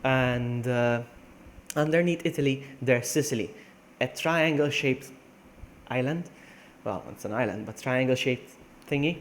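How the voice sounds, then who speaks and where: A man's voice: mid-range voice, normal speed. A man from Malta, chatting casually and rambling on a live game stream from a room at home, laughing often. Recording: steady background noise.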